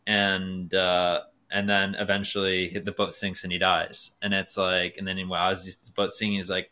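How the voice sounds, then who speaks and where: A young man with a very low voice that stays flat in pitch but sounds bright and forceful. He talks earnestly as a podcast guest, wandering through parables with plenty of "you know" and "like". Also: moderate pace, few pauses. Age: 20s. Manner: earnest, philosophical, tells parables with many fillers. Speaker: guest, race car driver. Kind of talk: casual podcast conversation.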